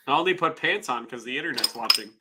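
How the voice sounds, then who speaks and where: A man's voice: medium pitch, heavy background noise. A man chatting casually at home over beer, sarcastic and swearing freely. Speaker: livestream host. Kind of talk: casual drinking chat.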